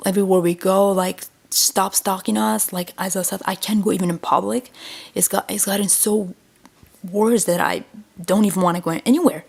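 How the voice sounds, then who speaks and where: A woman in a rambling vlog monologue, repeating emphatic warnings to her viewers. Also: mid-range voice. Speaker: vlogger. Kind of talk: rambling direct-to-camera monologue.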